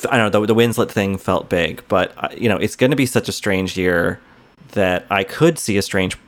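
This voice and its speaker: A man adds dry, cynical remarks to a film discussion. He hesitates and trails off. His voice sits a bit low. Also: moderate pace. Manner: wry, hesitant, trails off with fillers. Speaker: podcast panelist.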